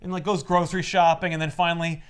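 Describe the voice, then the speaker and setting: Brief: slightly high-voiced male co-host, animated comic recap, mimics characters. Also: fast talker, clean tone. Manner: animated retelling, acting out characters' lines. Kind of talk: casual chat.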